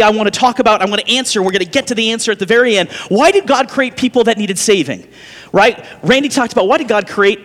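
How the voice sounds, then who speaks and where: High-voiced man preaching in a hall. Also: fairly bright tone. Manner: conversational, often asks the congregation questions. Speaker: pastor. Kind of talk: sermon.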